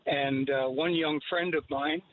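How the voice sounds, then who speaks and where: A man in his eighties calling in to a radio show, speaking in a halting way with frequent pauses. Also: a little high, steady tone, background noise. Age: 80s. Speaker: caller. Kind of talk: phone-in opinion. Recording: tinny phone line.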